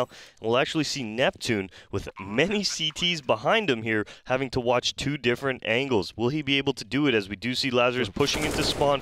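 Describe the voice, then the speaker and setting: A man doing steady, explanatory play-by-play commentary on an esports match. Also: mid-range voice, a little hiss or hum.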